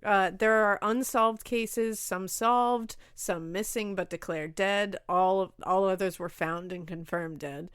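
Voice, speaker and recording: A woman co-hosting a podcast in casual chat, animated, swearing freely and laughing often. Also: mid-range voice, slow pace, hardly any pauses, smooth, dry recording, clean studio sound. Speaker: podcast co-host.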